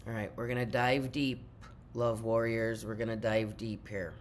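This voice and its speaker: A woman's voice: extremely low pitch, level tone, normal speed, a little hiss or hum. An older woman giving an earnest spiritual talk and speaking directly to her viewers as a teacher.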